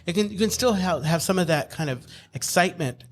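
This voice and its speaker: A man in a relaxed podcast chat, giving his view with lots of restarts and fillers. He teases his co-host and does not stay serious for long. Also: high-pitched, fairly quick, slight background noise. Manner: joking, rambling, restarts mid-thought. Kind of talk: casual chat.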